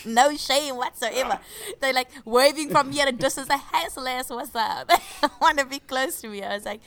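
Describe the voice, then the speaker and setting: A woman telling stories in a casual chat, animated and laughing often. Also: high voice, moderate pace. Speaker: radio co-host.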